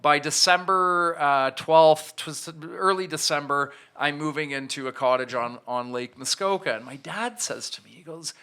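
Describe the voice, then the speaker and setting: A man's voice: fairly high pitch, normal speed, few pauses, sharp tone, clear, resonant tone. A man in his thirties, a podcast guest, telling a candid, self-reflective personal story with frequent restarts. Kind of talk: storytelling in an interview.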